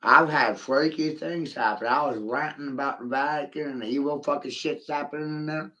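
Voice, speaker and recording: A man's voice: a little high, steady tone, brisk, sharp tone, poor audio. Man ranting profanely on a livestream. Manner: ranting, profane, addresses a viewer by name. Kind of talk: rambling monologue stream.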